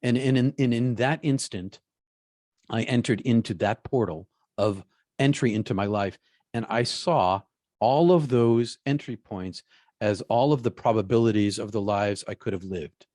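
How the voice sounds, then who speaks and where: A man, a guest in an interview, telling a personal story in a halting way, often repeating his words. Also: lowish voice, darkish tone, no room sound, studio quality.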